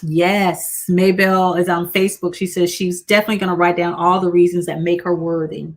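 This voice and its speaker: A woman with a slightly low voice leads a motivational livestream as a coach. She speaks encouragingly and slows down to repeat her key lines. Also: flat delivery. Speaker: host and coach.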